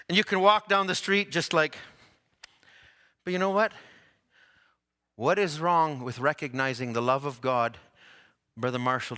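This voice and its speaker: Animated, bright-voiced male preacher. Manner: animated storytelling, voice climbing high at dramatic moments; drops to soft low tones for tender quotes. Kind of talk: sermon.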